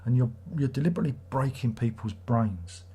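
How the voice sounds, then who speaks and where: Husky, mellow man rambling. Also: medium pitch, fairly quick. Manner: rambling, sweary, reads viewer comments aloud. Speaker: livestream host. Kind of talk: casual livestream chat.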